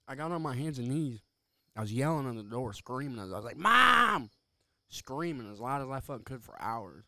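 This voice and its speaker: At a normal speed with long pauses, a young man with a medium-pitched voice co-hosts a podcast, rambling through profane, animated stories in casual chat. The recording has no echo.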